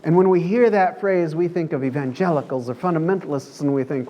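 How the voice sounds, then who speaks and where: A man's voice: fairly high pitch, a little fast, lo-fi sound, a little hiss or hum. A man preaching a conversational sermon in a church, telling the story in a chatty way and acting out the quoted lines.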